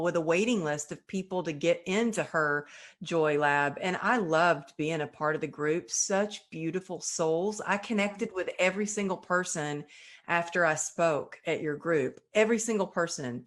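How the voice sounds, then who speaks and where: A woman hosts a podcast in relaxed, chatty conversation with a guest. She talks in an effusive, heartfelt way, her voice sitting a little low. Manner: warm, effusive and emotional. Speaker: podcast host. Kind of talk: casual interview chat.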